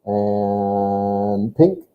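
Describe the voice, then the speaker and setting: Slow, patient German teacher, tinny line. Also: male voice, lowish voice, clean tone. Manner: patient, explains grammar step by step. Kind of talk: online language lesson.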